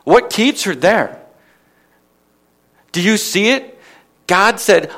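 A man's voice: sits high, expressive, takes it slowly, long pauses, a bit bright. A man preaching a sermon at a church gathering, asking his listeners questions and building to emphatic peaks.

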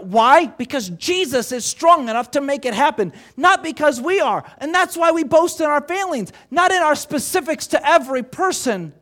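A man's voice: very high voice, a bit bright. A man preaching a sermon as pastor, emphatic, asking rhetorical questions and repeating key phrases.

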